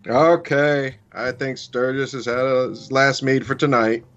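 A man's voice: mid-range voice, fairly even intonation, a little slow, a bit bright, dull audio, lightly acted. A man voicing a formal, wordy cat-folk mage in an audio drama. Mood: pompous. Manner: flowery, formal phrasing. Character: Khajiit male mage, pompous and wordy.

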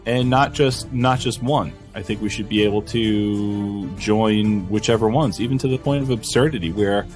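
A man's voice: lowish voice, normal speed, hardly any pauses, soft background music. A man co-hosting a casual podcast chat, joking and laughing often. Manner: laughs often, jokey and animated. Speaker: podcast co-host.

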